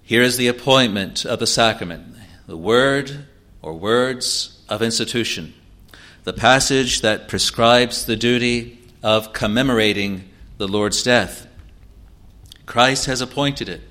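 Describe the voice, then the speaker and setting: A man preaching an expository sermon, teaching in a measured way with pauses and restarts. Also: medium pitch, sharp tone.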